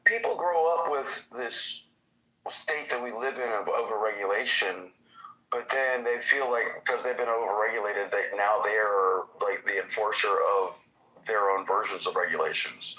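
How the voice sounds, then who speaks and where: Laid-back low-voiced guest with a bright edge. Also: male voice, moderate pace, rough recording. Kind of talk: casual chat.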